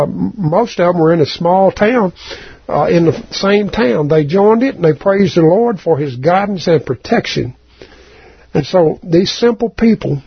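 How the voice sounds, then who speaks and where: A man preaching a sermon as a folksy, halting story, with a raspy voice and many restarts. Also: on the high side, dry recording, highs cut off. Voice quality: raspy, gravelly.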